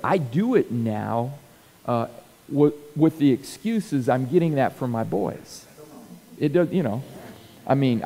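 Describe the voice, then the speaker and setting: A middle-aged male pastor with a warm, mellow voice tells stories in a relaxed, conversational way. He chuckles often and stumbles over repeated words. A long reverb trails behind his voice. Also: mid-range voice, creaky. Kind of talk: casual leadership talk with anecdotes.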